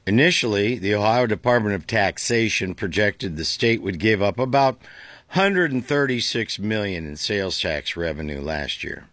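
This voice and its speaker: A man's voice: on the low side, lively intonation, normal speed, a bit bright, no echo. A male talk show host reading the news aloud with sarcastic, mocking asides.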